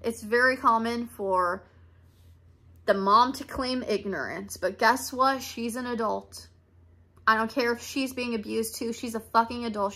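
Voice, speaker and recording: Young woman, bright tone, candid emotional rant, blunt, swearing. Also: on the high side. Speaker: podcast host. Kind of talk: candid monologue.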